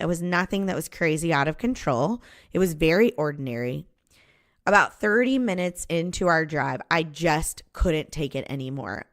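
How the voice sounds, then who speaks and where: A woman's voice: fairly low pitch, dry recording, studio quality. Candid woman telling a personal story. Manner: candid, confessional, with restarts. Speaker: podcast host.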